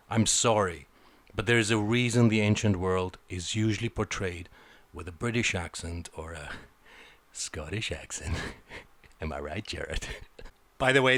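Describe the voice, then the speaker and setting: Deep-voiced blunt male film critic. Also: a bit bright, no room sound. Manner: blunt, sarcastic, swears often. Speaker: film reviewer. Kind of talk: opinionated film review monologue.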